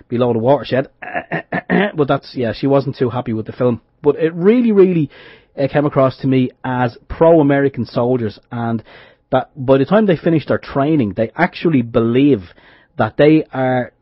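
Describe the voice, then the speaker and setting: A man's voice: medium pitch, husky, no room sound. A man co-hosting an internet radio show, talking in a rambling, hesitant way with many restarts. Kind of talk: casual radio chat. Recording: dull lo-fi internet radio audio.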